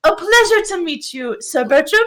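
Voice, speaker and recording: A woman's voice: very high voice, expressive, normal speed, bright, forceful tone, pitched above the performer's own voice, full character voice. A woman voicing an earnest young female adventurer who is overly polite. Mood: eager.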